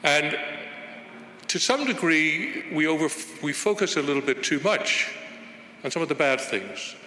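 A man's voice: fairly high pitch, very animated, a little slow, sharp tone. Older man with a neutral accent in an echoey hall. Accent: neutral international, little Irish left. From Northern Ireland. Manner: conversational and reflective, with many fillers and restarts. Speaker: guest speaker launching a book. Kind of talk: informal speech to an audience. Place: large echoey museum hall. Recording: echoey hall reverb, faint noise.

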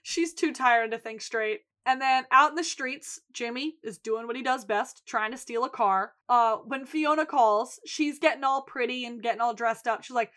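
A woman's voice: fairly high pitch, moderate pace, few pauses. A woman co-hosting a podcast, casually recapping a TV episode and acting out the characters' lines with plenty of swearing. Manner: animated retelling with quoted lines and swearing. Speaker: podcast co-host.

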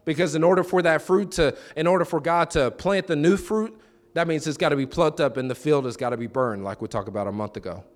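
A man preaching a sermon in church, telling stories with acted-out quotes and repeated phrases. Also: fast. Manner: animated, pitch jumps high for quoted voices. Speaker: pastor.

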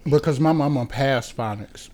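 A man's voice: mid-range voice, normal speed, a little mellow. Guy guesting on a podcast, earnest, half-serious explaining. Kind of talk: casual chat.

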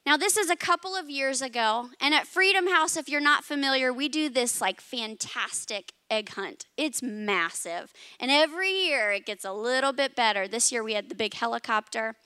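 A woman's voice: high-pitched, lively intonation, normal speed, few pauses, bright, forceful tone, clean tone, no room sound, clean studio sound. A woman in her thirties preaching a sermon, telling a personal story that builds to impassioned emphasis. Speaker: pastor.

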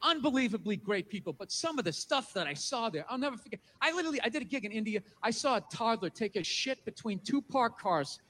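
A man's voice: sits high, very animated, fast talker, few pauses, fairly bright tone, slight background noise. A man doing a stand-up comedy routine, ranting in a profane way and putting on mocking voices.

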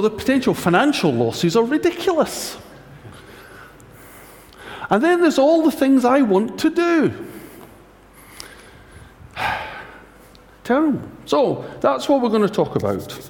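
Lively man preaching in echoey hall. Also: sits high, a little hiss or hum. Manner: wry, anecdotal, self-mocking humour. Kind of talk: conversational sermon.

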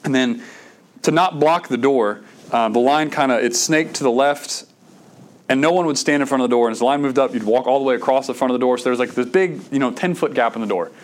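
A man's voice: medium pitch, fast. A middle-aged man, preaching a sermon in a conversational way, with stammered restarts and bursts of emphasis. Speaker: pastor.

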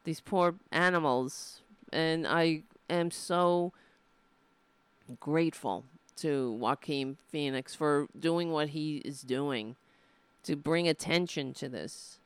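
A host winding through a casual livestream chat at an unhurried pace, with a smooth, clean voice. The delivery is earnest and emotional, and the thoughts ramble and restart. The sound is dry and close, with no room around it. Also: medium pitch, no room sound.

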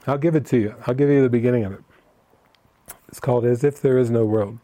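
A man's voice: medium pitch, steady tone, quick pace, mellow. An older man leading a spiritual retreat, reading out questions and telling stories in a storytelling manner. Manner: storytelling, answers questions read aloud. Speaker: spiritual teacher. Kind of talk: retreat talk.

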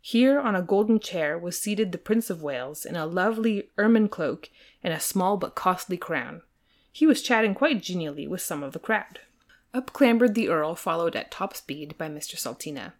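A woman podcast host giving an expressive dramatic reading of a novel. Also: lowish voice, moderate pace. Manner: expressive, lively storytelling.

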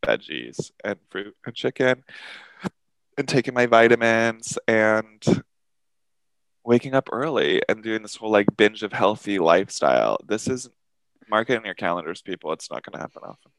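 Gravelly low-voiced man telling a story. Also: moderate pace, no room sound, rough recording. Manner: animated, profane storyteller acting out quotes. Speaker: podcast co-host. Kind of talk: casual storytelling chat.

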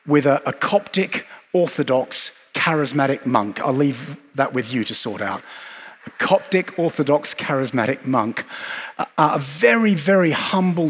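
A man preaching a sermon in an earnest, reflective way, with measured pauses and repeated phrases. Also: on the high side, breathy edge. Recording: long hall reverb.

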